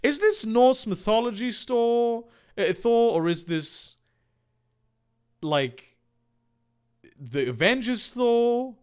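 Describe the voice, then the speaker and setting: A man reading a story aloud for comedy, breaking off for sarcastic, deadpan asides. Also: very high-pitched, takes it slowly, pauses often, smooth. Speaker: fanfiction reader.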